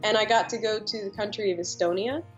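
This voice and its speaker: A woman's voice: mid-range voice, steady tone, fast. A teenage girl answering interview questions in an earnest, upbeat way. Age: teens. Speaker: scholarship candidate. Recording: dull lo-fi sound with faint music.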